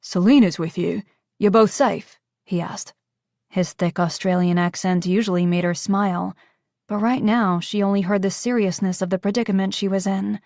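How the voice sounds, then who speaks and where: A woman narrating a romance audiobook in a calm, even reading. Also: mid-range voice, moderate pace, dry recording, clean studio sound. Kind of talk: scripted narration.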